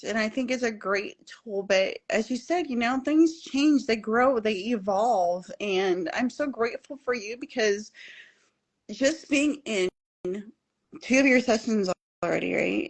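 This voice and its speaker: Animated, earnest middle-aged woman guest. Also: a little high. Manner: animated storytelling, acts out quoted voices; earnest and openly emotional. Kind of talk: casual interview chat.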